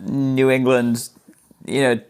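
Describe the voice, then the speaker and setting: A man's voice: mid-range voice, flat delivery, slow, darkish tone, clean tone. A man from Australia with a mostly American accent that keeps faint Australian traces, speaking as a guest in a casual interview. He talks freely and humbly, often restarting words. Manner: chatty, self-deprecating, stumbles on word starts. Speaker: magician guest.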